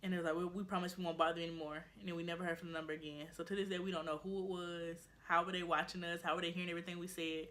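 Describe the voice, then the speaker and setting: A young woman, telling a storytime in a casual vlog, animated and acting out what her friends said. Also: on the low side, racing, few pauses. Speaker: vlogger.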